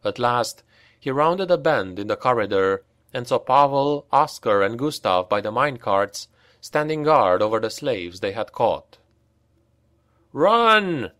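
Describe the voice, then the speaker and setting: A man narrating a dark fantasy audiobook in a grave, unhurried storytelling voice, on a close mic. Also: medium pitch, lively intonation, no echo. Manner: unhurried, grave storytelling that lifts for shouted dialogue.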